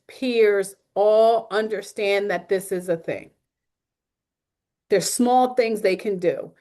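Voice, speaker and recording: A woman speaking as a guest on a video call. She is a social worker who talks in a humorous, down-to-earth way. Her pitch sits in the middle of the range. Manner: lively storytelling with acted quotes; humorous and realistic. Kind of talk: webinar talk.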